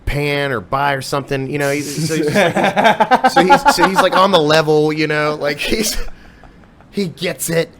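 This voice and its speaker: A man telling stories as a guest on a casual podcast, animated and freely swearing. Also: on the high side, normal speed. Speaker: podcast guest, musician and singer.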